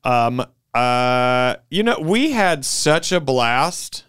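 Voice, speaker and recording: Man, comedian co-host, smooth resonant voice, animated pitch, playful, filler-heavy. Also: very slow, no echo, studio quality. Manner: playful, hesitant with many fillers. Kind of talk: casual comedic chat.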